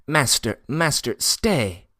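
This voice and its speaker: A man's voice: big pitch swings, slow, pushed and bright, dry recording, clean studio sound, heavily acted. A man voicing a sly, impudent male Tatar porter who talks in an emphatic, mysterious way. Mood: pleading. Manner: high, emphatic, pleading and mysterious.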